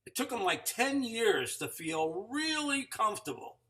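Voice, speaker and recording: High, lively, bright-voiced male host. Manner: reacts with quick interjections and laughs. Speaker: interview show host. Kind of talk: casual interview chat.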